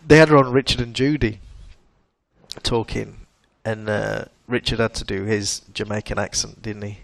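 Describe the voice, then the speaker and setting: A man's voice: lowish voice, steady tone, moderate pace, creaky. A man co-hosting a casual podcast chat, retelling odd news stories with a laugh. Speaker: podcast co-host.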